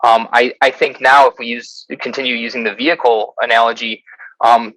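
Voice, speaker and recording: A man's voice: mid-range voice, level tone, normal speed, a bit bright, no room sound, low-quality recording. Midwestern man explaining in a dry sound. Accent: Midwestern American. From American Midwest. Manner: explanatory, many ums and uhs, self-corrects. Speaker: guest, consultant and author. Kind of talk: explaining concepts in conversation.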